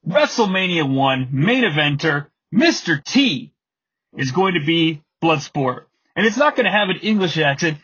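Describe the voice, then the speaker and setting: A man in his thirties talks through his podcast alone, chatty and rambling, with frequent fillers. His voice sits fairly high and sounds husky. The recording is dull and lo-fi. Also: lively intonation, unhurried, fairly bright tone. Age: 30s. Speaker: podcast host. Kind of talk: casual solo commentary.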